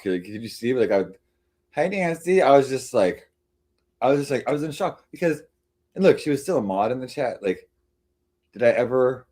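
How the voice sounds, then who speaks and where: A man's voice: medium pitch, a little mellow. A man hosting a livestream, chatting casually and rambling with many fillers and restarts. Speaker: livestream host. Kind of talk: casual chat to a live audience.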